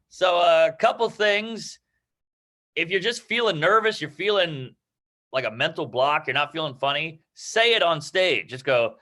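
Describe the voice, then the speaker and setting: A man with a bright, forceful voice that sits a little high for a man. He talks brash and quick, swearing freely and mocking himself as he gives stand-up advice to a class. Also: expressive. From New York. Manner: brash, rapid, profane and self-mocking. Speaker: guest comedian. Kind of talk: casual advice in an online comedy class.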